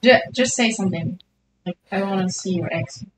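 A woman's voice: medium pitch, a little fast, a little hiss or hum, low-quality recording. A woman chatting casually and playfully while drawing with friends. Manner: playful and teasing. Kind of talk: casual chat.

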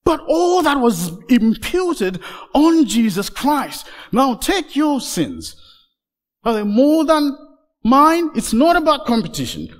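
A man preaching a sermon as a guest speaker, swinging from loud emphatic peaks to hushed, low passages. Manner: passionate, rising to loud emphatic peaks then dropping very low and soft. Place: church sanctuary. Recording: church hall with long reverb.

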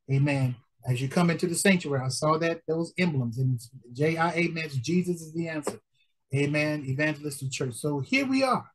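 A man's voice: on the high side, breathy edge. A middle-aged male pastor preaching an appeal for support, pleading and repeating himself, dotting his lines with "amen" and "praise God".

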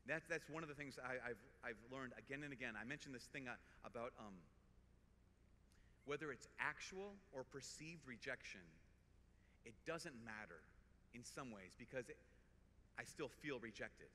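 A man with a Minnesota accent, a priest giving an earnest, conversational talk to a live audience, telling personal stories with quick restarts and repeated words. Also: medium pitch, lively intonation, bright, forceful tone. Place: large conference hall. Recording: reverberant hall, faint background noise.

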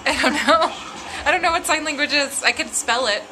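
A woman's voice: sits high, brisk, over music. A woman chatting casually and playfully at home, laughing easily as she talks. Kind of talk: casual chat.

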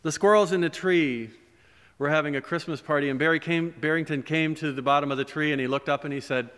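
A man, a pastor, telling a story during a sermon in a gentle, animated way, recorded in a church. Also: mid-range voice, fast talker, smooth. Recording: long church reverb.

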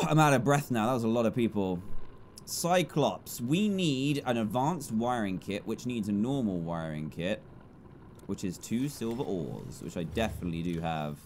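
A young man streaming a game, quickly reading out viewer names and donations with cheerful asides. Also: fairly low pitch, darkish tone, slight background noise. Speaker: gaming YouTuber reading donations. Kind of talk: livestream gameplay commentary.

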